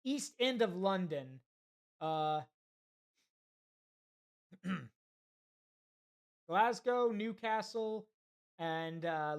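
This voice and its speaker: A man's voice: high voice, clear, resonant tone. A man streaming a naval strategy game, thinking aloud with hesitations and chatting to his viewers. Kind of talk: live gameplay commentary.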